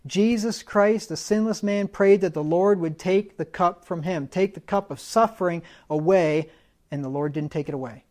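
A man's voice: sits high, moderate pace, darkish tone. A man preaching a sermon in a conversational teaching manner, defining words and adding folksy humorous asides.

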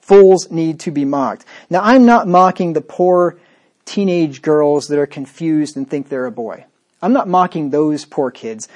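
A man delivers a sermon in a voice that sits a little high. He talks in an emphatic, repetitive way and leans on mocking sarcasm. He drives his points home by saying them again. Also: darkish tone. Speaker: pastor.

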